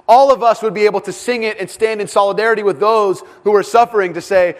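A man preaching a sermon as pastor, dramatic in delivery and often dropping to a hush for emphasis. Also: high voice, quick pace, hardly any pauses. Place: church with several rooms.

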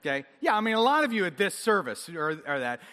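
A man preaching a sermon to a congregation, animated and self-deprecating, getting the audience to join in. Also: high-pitched, fast talker. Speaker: pastor. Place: large church hall. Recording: long hall reverb.

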